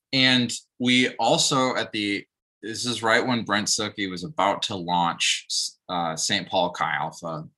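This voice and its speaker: A man's voice: lowish voice, takes it slowly, sharp tone, low-quality recording. A man in casual podcast chat, a co-host speaking earnestly and leaning on lots of fillers. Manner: earnest, uses many fillers. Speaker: podcast co-host, campus minister.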